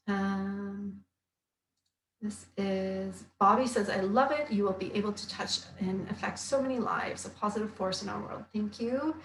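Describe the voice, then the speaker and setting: A chatty, upbeat woman of middle pitch talks through a casual live stream, reading out viewer comments with quick asides. She sounds like a health coach and author. Her voice rings with a roomy echo.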